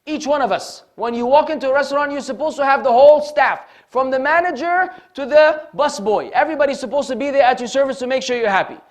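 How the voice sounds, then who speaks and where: Man preacher, high-pitched, animated conversational lecture style, rhetorical. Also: fast talker, few pauses. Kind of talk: Islamic lecture to a live audience.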